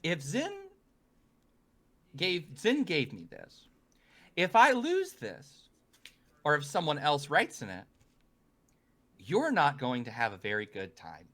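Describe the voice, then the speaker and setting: A man voicing a stern, protective woman cleric scribe with a sharp, scolding manner. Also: sits low, wildly swooping pitch, takes it slowly, pauses often, full character voice. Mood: warning.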